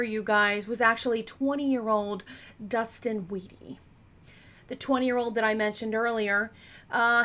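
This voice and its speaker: A woman's voice: fairly high pitch, fairly bright tone. A woman hosting a true crime channel, telling a case in a casual, rambling way with lots of fillers and asides, her voice a little cracking. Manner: chatty and rambling, with many fillers. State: slightly cracking voice.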